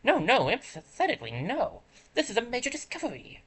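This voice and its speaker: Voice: mid-range voice, very animated, fast talker, a bit bright, slight background noise. A streamer doing Chatot, a fussy, pompous bird. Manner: fussy, formal, self-important. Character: pompous chattering bird guild assistant, male. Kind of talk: reading game dialogue aloud.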